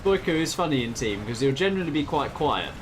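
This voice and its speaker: A man's voice: a little high, quick pace, background noise. Chatty man casting a game. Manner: chatty, laughs often, lively commentary. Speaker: game caster. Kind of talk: casual esports commentary.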